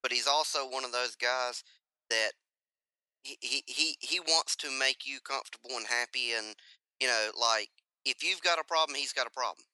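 Teasing podcast co-host man, bright voice. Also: medium pitch, normal speed, clean tone, no room sound, low-quality recording. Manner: teasing interjections. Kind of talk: casual chat.

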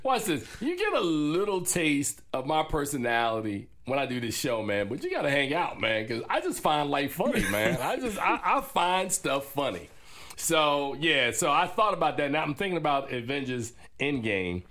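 A man co-hosting a film podcast in casual chat, an animated storyteller who laughs often. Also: fairly high pitch, normal speed. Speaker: co-host and film critic.

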